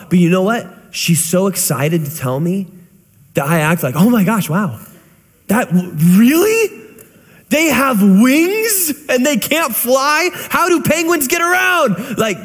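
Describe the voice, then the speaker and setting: Man in his thirties, pastor, high voice, rhetorical questions, long hall reverb. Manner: conversational, full of rhetorical questions. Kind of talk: sermon.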